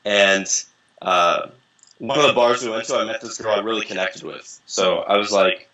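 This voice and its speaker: A young man who works as a dating coach, appearing as an interview guest, tells casual, profane anecdotes, animatedly acting out what people said. His voice is on the low side at a moderate pace, and the audio is dull.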